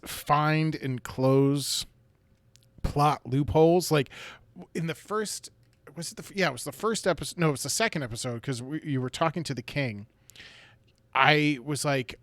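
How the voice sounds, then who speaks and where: A man at an average pitch talks slowly and hesitantly, often restarting his sentences. His voice sounds close and dry, with no room around it. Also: dry recording. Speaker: podcast co-host, dungeon master. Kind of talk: casual chat.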